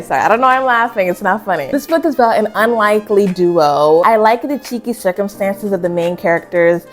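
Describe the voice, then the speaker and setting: A young woman chatting casually about books she read, bubbly and quick to giggle. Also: fairly low pitch. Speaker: book reviewer. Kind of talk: casual chat. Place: home room with a bookshelf.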